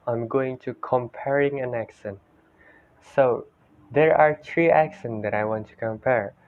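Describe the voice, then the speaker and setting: Young man, Indonesian accent, student presenter, slow careful delivery, phone-like audio. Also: medium pitch. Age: young adult. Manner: slow, repeats each example word several times. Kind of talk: classroom presentation comparing accents. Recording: tinny phone-like sound.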